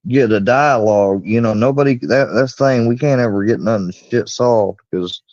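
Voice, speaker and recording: A man hosting a live-stream panel, trying to calm a heated argument with halting, placating words. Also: medium pitch, dry recording, muffled recording. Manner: halting, placating, repeats "hold on" and "well". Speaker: livestream host.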